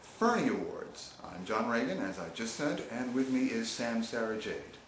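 A man's voice: medium pitch, lively intonation, moderate pace, slight background noise. Man doing mock-show banter in an echoey room. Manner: self-pitying whiny asides. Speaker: co-host of a video preview. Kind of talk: jokey mock-broadcast banter.

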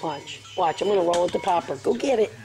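A woman's voice: lowish voice, expressive, fast, warm tone, soft background music. A mother talking baby talk to her infant son at home, coaxing him with sing-song, repetitive prompts.

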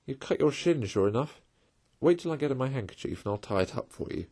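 A brisk, clever male water rat from a storybook, as a man reading aloud puts him on. His husky voice is emphatic and leaps lively up and down. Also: medium pitch. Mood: kindly.

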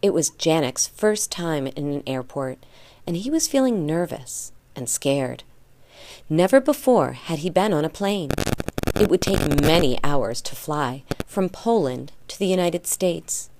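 A woman reading a children's story aloud for a lesson, slow and deliberate. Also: deep voice, animated, noisy background. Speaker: story reader.

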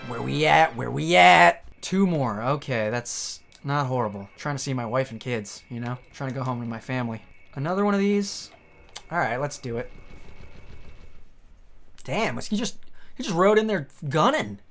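A man streaming a video game, swearing and joking at the screen as he plays. His pitch swings widely, and his voice jumps up whenever the game surprises him. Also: lively intonation, moderate pace, gravelly, fairly bright tone, a little hiss or hum. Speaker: let's play streamer. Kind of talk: profane gaming commentary.

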